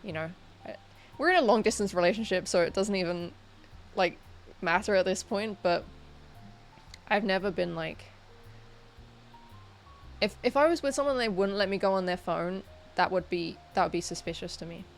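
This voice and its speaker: A woman chats casually with her viewers during a livestream, rambling and hesitating with plenty of fillers and restarts. Her voice is medium in pitch at a normal speed, she pauses often, and soft music plays in the background.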